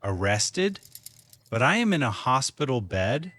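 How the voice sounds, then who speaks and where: A man playing a remorseful young husband after a drunk-driving crash, in a slow scripted learner's story, pleading and desperate. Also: mid-range voice, sing-song, fairly bright tone, slight background noise. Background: faint music.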